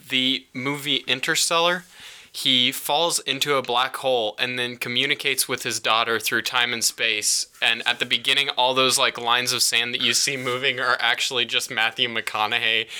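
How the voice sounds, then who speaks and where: A young man co-hosting a casual podcast, delivering jokes deadpan with lots of ums and pauses. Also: medium pitch, smooth. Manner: deadpan, hesitant with many ums. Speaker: podcast co-host. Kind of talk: casual chat.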